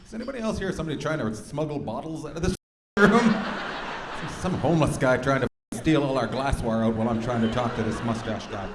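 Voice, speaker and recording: A man's voice: mid-range voice, lively intonation, fast. A male stand-up comedian doing crowd work in a club, brash and profane as he needles audience members. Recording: echoey club with loud crowd and noise.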